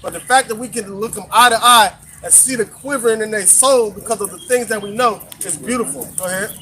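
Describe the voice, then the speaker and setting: A man leading a casual religious discussion, talking in animated, repetitive street slang and cueing others to read. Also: high voice, a little fast, a little hiss or hum. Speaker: discussion leader.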